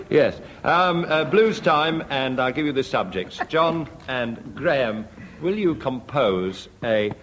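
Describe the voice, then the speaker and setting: A man chairing a radio comedy panel game, announcing rounds in a dry, deadpan way. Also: mid-range voice. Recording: noisy archive radio recording.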